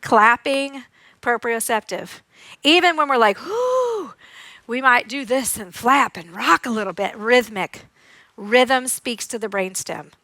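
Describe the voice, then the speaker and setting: A woman occupational therapist giving a lively, demonstrative conference talk, acting out sounds and giggling as she teaches. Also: a little high, unhurried, no echo. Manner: giggles often while teaching. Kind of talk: live conference presentation.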